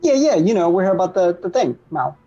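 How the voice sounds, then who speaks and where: Man playing an eager male pomeranian pup, squeaky, loud, bouncy pitch, warm and a little muffled. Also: big pitch swings, fast, soft background music, heavily acted. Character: eager male pomeranian pup who thinks he's a cat.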